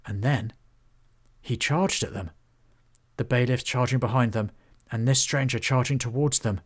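A man narrating a children's fantasy storybook in a steady, even manner. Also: medium pitch, normal speed.

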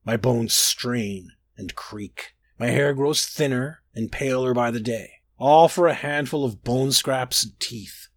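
A man reading a dark first-person fantasy story aloud, brooding and expressive with dramatic rises and drops. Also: mid-range voice, takes it slowly, hardly any pauses, no echo. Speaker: narrator.

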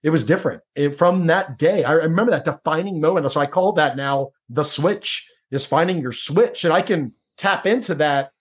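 A man's voice: fairly high pitch, normal speed, few pauses, husky. A middle-aged man telling a personal story as a podcast guest, casual and repetitive, often saying "like" and "dude.". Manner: casual, repeats words, says "dude" and "like". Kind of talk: storytelling interview.

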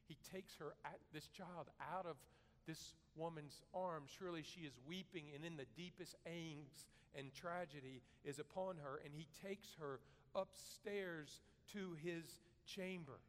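A man preaching a sermon, earnest and measured, rising to loud emphasis and then dropping to a soft, quiet delivery. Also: fairly high pitch, long reverb tail. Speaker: pastor.

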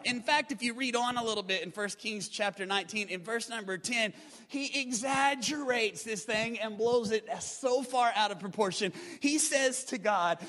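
A preacher with a high, ringing voice delivers an emphatic sermon and calls on his congregation to respond. His words trail off into the long reverb of a large church hall. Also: moderate pace, a bit bright. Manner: emphatic, call-and-response exhortation. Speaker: pastor.

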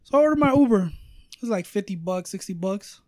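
A man's voice: high voice, animated, quick pace, a little mellow, dry recording, studio quality. A man telling a travel story in casual podcast chat, rambling with lots of fillers and swearing. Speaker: storyteller guest.

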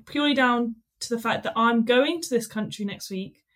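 A young woman, a student, co-hosting a podcast in a relaxed, joking, conversational way. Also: a little high, moderate pace. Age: young adult. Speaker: podcast co-host. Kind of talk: casual chat.

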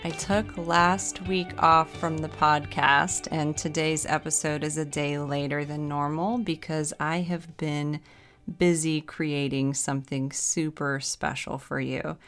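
A woman's voice: sits low, little pitch movement, slow, fairly bright tone, soft background music. A woman hosting her own podcast as a hypnotherapist, talking in a chatty, upbeat way and laughing at herself. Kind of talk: casual solo podcast talk.

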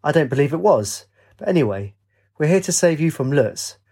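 A man's voice: a little high, very animated, normal speed, warm tone, breathy edge, voice pushed up, exaggerated voice. A man voicing a bold, upbeat young woman from Earth in an eager, determined tone.

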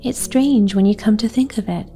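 A woman voicing a wealthy father who speaks gravely and decisively in a bedtime storybook. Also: medium pitch, moderate pace, warm tone, soft background music, lightly acted.

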